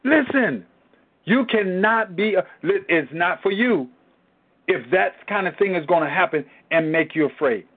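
High-voiced man teaching Bible study. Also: moderate pace, breathy edge. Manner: emphatic, repetitive preaching with rhetorical questions. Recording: tinny phone-like sound.

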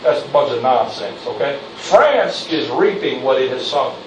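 A man's voice: medium pitch, sing-song, normal speed, distant mic, slight background noise. Fiery preacher man in echoey church. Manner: preaching with rising intensity, calls for amen. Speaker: pastor. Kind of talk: fiery sermon. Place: church sanctuary. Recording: echoey church, mic from afar.

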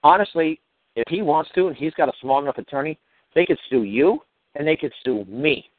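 A man's voice: on the high side, animated, fairly quick, no echo. A man telling a heated, profane story on a call and acting out the arguments he had. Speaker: guest recounting a legal dispute. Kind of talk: casual phone-in chat. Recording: tinny dry phone line.

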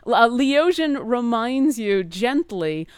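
A woman narrating a tabletop game as game master in a relaxed, storytelling way. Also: lowish voice, unhurried, clean tone, no echo, clean studio sound.

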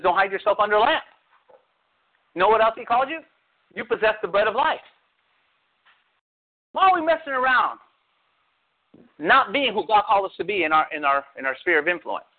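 A man pastor giving a casual, animated sermon, acting out scripture quotes and often asking his listeners if they follow. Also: sits high. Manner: animated, quotes scripture in excited raised voice, asks listeners questions. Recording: tinny phone-like line.

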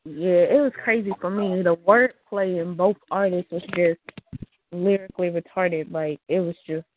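A man's voice: high-pitched, steady tone, moderate pace. A man hosting an online rap battle, talking in hyped, casual slang. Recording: tinny phone-like line with faint noise.

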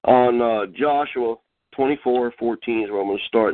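A middle-aged man hosting a call-in show, teaching a Bible lesson while getting over a cold, pausing often to clear his throat. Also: mid-range voice, dry recording. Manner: halting, frequent throat-clearing and fillers. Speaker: host. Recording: dry, tinny phone line.

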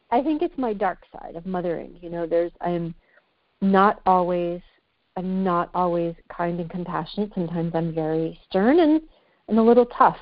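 A woman's voice: lowish voice, no room sound. Candid, reflective woman on a lo-fi line. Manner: candid and reflective, searching for words. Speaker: podcast guest. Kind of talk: candid casual conversation. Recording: muffled, dry, lo-fi.

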